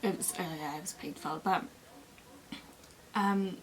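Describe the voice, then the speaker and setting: A young woman, chatting casually to camera as she tells a long personal story in an expressive, lively way. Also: lowish voice, unhurried. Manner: chatty and expressive, acting out other people's lines. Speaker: beauty vlogger.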